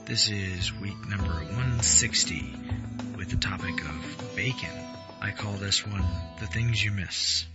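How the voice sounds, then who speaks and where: A man's voice: fairly low pitch, takes it slowly, dull audio. Man reading over guitar music. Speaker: story contributor. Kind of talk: reading a short story aloud.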